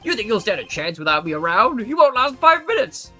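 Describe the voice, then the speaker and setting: A man's voice: fairly high pitch, expressive, fast talker, bright, forceful tone, husky, soft background music, full character voice. Villain chairman, older man, voiced by a man. Scornful, blustering.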